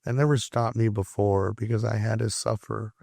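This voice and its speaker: A man's voice: on the low side, little pitch movement, normal speed, vocal fry, darkish tone, dry recording, studio quality. A man speaking as a recovery counselor guest, frank and impassioned, who repeats words while he searches for them. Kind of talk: earnest conversational storytelling.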